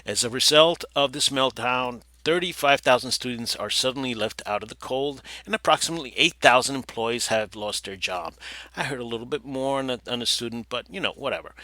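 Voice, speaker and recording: A man's voice: medium pitch, brisk, dry recording. A man hosting a talk show, reading an article aloud and breaking off into sarcastic, digressive commentary. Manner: sarcastic, digressive, bursts into loud mock voices. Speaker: podcast host.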